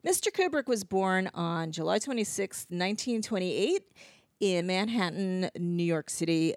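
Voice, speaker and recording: A woman's voice: on the low side, animated, measured pace, no room sound, clean studio sound. A woman from New Jersey hosting a podcast, talking in a chatty storytelling way and laughing easily. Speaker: podcast host. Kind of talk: casual podcast chat.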